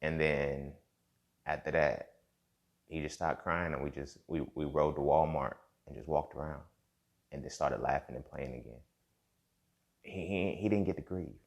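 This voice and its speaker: A man's voice: rumbling low, normal speed, gravelly, long pauses. A young man hosting a podcast, talking in a reflective casual monologue and often checking in with "you feel me". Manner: conversational, repeats himself, frequent "you feel me". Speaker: podcast host.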